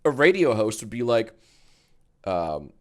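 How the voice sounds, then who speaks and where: A man's voice: on the low side, big pitch swings, measured pace. A man chatting casually on a livestream, joking and riffing on messages from chat. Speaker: streamer.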